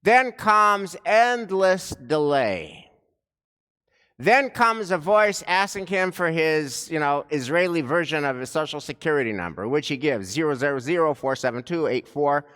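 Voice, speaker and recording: A man delivering a sermon as a rabbi, telling a story slowly and deliberately with dramatic pauses, recorded in a synagogue sanctuary. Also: fairly high pitch, pushed and bright, smooth. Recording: long reverb of a large sanctuary.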